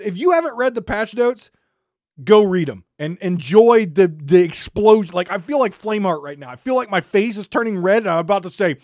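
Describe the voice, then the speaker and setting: A podcast host ranting angrily and sarcastically, swinging from shouting to muttering. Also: mid-range voice, no room sound, clean studio sound. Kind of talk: solo gaming podcast rant.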